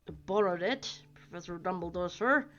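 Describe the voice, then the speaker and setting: A woman reading aloud and voicing a huge, soft-hearted male giant who talks in a halting, stammering way, on a dull lo-fi recording with faint music. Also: fairly low pitch, close to an everyday voice. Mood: eager.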